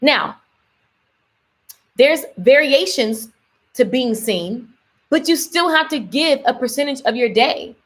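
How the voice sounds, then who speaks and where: Speaking slowly with frequent pauses, a high-pitched woman business coach hosts a live stream. She stays energetic and emphatic, repeating key lines and reading out comments from her viewers.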